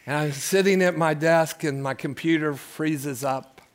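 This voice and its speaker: Speaking a little slowly in a fairly high voice, a male pastor in his sixties delivers a sermon at a church service. Folksy storytelling gives way to fervent appeals, punctuated by call-outs to the congregation.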